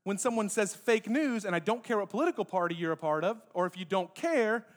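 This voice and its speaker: A pastor with a noticeably high voice for a man preaches in a casual, conversational way. He talks straight to the congregation, slipping in playful jokes between points. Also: fairly quick. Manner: lively, joking asides to the congregation. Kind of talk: conversational sermon. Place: church sanctuary.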